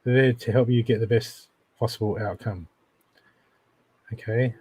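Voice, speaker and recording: A man's voice: medium pitch, steady tone, a little slow, darkish tone, husky. A man with an Australian accent, giving direct intuitive readings on a live stream and often checking in with the viewer. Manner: direct, keeps checking in with "okay?". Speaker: intuitive reader.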